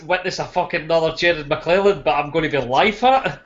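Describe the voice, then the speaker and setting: A man, ranting loudly and swearing in casual podcast chat. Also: a little high, brisk, over loud music. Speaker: podcast co-host. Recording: dull lo-fi podcast audio.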